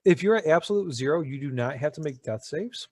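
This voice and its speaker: A man's voice: on the high side, animated, fairly quick. A man running a tabletop role-playing game as dungeon master, explaining rules with frequent fillers and restarts.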